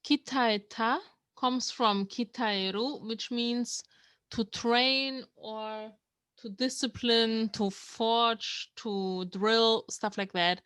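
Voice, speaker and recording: A woman from Germany, German being her first language, speaks slowly in a rather high voice with fairly even intonation and a bright, clean tone, recorded dry. She is a language learner giving viewers a patient, explanatory lesson, taking words one at a time and reading lines aloud.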